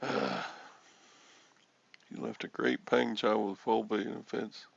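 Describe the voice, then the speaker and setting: A man's voice: fairly low pitch, fairly even intonation, slow pace, vocal fry, no room sound, dull audio. A man in his sixties hosting a reseller livestream, rambling and joking as he answers chat comments. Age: 60s.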